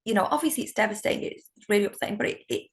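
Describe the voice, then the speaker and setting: A middle-aged woman with a British accent, a solicitor telling stories in an interview, animated and laughing often. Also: mid-range voice, very fast, vocal fry. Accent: British English. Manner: warm, animated storytelling with laughs. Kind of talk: conversational interview.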